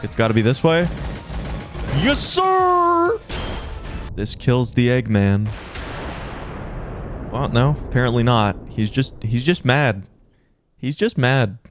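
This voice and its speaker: A young man giving gameplay commentary with live reactions, excitable, swearing and yelling at the game. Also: medium pitch, unhurried, pauses often. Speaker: gaming video creator. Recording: game music playing behind the voice.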